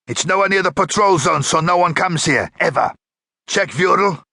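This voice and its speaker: A man's voice: high-pitched, animated, gravelly, sharp tone, dry recording, voice pushed up, full character voice. A man voicing a massive, violent castaway who growls and snarls. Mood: furious. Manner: growling, hissing, quick to fury.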